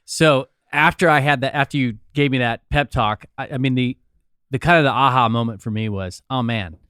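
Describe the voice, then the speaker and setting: A man's voice: mid-range voice, fairly quick, a bit bright, clean tone, no room sound, studio quality. A man on a podcast, talking in a reflective, slightly hesitant way. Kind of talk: casual podcast chat.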